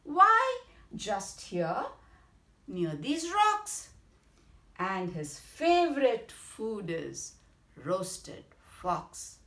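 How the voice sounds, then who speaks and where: A woman with an Indian English accent voicing a clever, bold little male mouse in a children's story, bright and self-assured. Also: medium pitch, huge pitch swings, drawn-out words, heavily acted. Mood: boastful. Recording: roomy echo.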